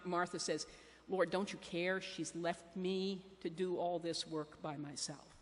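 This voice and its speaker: A woman pastor preaching a sermon in a measured, conversational way, with fillers and pauses. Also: mid-range voice. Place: church sanctuary. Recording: church hall reverb.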